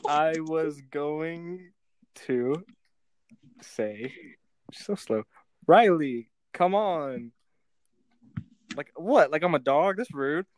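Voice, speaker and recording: A man's voice: a little high, expressive, very slow, pauses often, dry recording. A young man hosting a podcast in a rambling, giggly casual chat, swearing freely. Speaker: podcast host.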